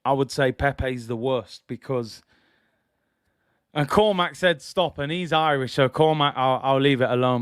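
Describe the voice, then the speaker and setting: A man's voice: medium pitch, a little slow, a bit bright, clear, resonant tone, no room sound, studio quality. A man hosting a live football watch-along stream, giving opinionated chat and reading viewers' messages aloud.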